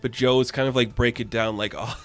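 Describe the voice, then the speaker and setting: A man's voice: mid-range voice, little pitch movement, fast, soft background music. A young man casually recapping and reviewing a comic book issue, chatty and full of fillers. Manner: chatty, lots of fillers and quoted voices.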